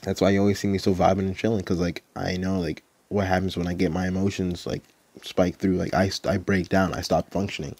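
Low-voiced young man rambling through a story. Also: creaky, darkish tone. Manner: rambling, heavy use of "like", profane. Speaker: podcast host. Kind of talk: personal storytelling.

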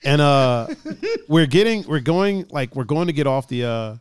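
A man's voice: medium pitch, normal speed, a loud crowd. Laughing man telling stories on stream. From Ohio. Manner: laughs a lot, animated storytelling, swears. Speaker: stream co-host. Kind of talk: casual chat.

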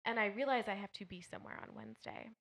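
Bright-voiced young woman telling a story. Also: medium pitch, fast. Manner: animated storytelling, swears freely. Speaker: podcast co-host. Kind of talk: casual chat.

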